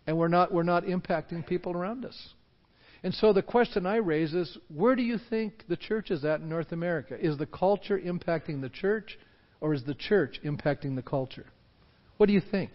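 A man preaching a passionate sermon to his church and leading an altar call, pushing up to emphatic peaks. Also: a little high. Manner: impassioned, rising to emphatic peaks. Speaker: pastor. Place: church sanctuary. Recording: dull reverberant hall recording.

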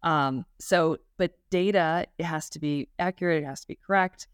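A woman's voice: deep voice, normal speed, clear, resonant tone, no room sound, clean studio sound. A middle-aged woman, a music business professor, talking earnestly and thoughtfully in a podcast interview, with some restarts and fillers.

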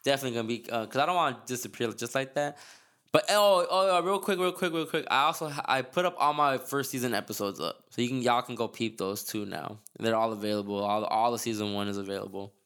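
A man's voice: mid-range voice, quick pace, a bit bright, clear, resonant tone. A man hosting a podcast in casual chat, rambling with slang and lots of restarts. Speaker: podcast host.

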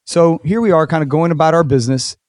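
A man hosting a casual podcast interview, telling stories with lively acted-out quotes and casual swearing. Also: fairly high pitch, quick pace, no room sound, clean studio sound. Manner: animated storyteller, acts out quotes, swears casually. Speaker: podcast host.

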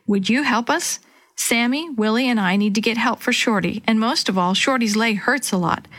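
A woman's voice: a little high, moderate pace, a bit bright. A woman voicing a determined young girl detective in a children's story, earnest and eager.

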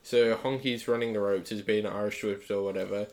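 This is a young man chatting on a podcast with a fairly low voice. He is dry and teasing with his co-host. He loves dropping fun facts. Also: fairly even intonation, fairly quick, a little mellow. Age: young adult. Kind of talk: casual wrestling review chat.

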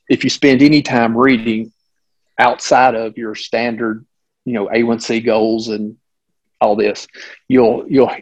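This is a middle-aged male physician telling a case story to a host. His voice sits at a middling pitch. He is animated and full of restarts and side remarks. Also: husky, rough recording. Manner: animated, with frequent restarts and asides. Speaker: physician guest. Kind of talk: conversational storytelling.

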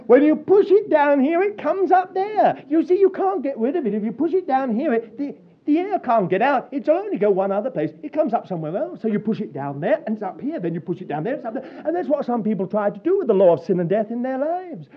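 A man preaching with a high voice that leaps up and down in pitch. He tells his stories with a chuckle and plenty of animation. The recording is dull and lo-fi. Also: very animated, a little fast, husky. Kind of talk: sermon. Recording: dull lo-fi sound.

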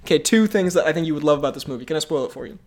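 A man's voice: fairly high pitch, lively intonation, racing. A young man co-hosting a podcast in casual chat, rambling and laughing often. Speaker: podcast co-host.

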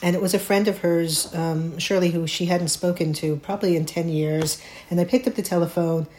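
A middle-aged woman, a playwright, telling a personal story in an interview, thoughtful and halting, with many restarts. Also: fairly low pitch, steady tone, darkish tone, slight background noise. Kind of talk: reflective conversational storytelling.

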